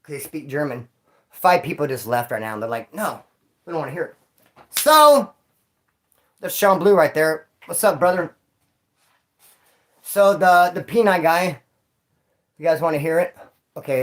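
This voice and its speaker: Man, stream host, casual slangy storyteller who acts out the sounds and voices. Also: fairly high pitch. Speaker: livestream host telling prison stories. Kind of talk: casual storytelling to a live audience.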